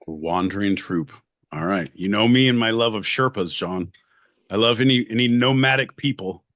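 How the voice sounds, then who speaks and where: A man's voice: lowish voice, moderate pace, dry recording. Foul-mouthed guy cohosting, playful, dry close mic. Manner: profane, playful, animated. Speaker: podcast co-host. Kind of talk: crude comedic banter.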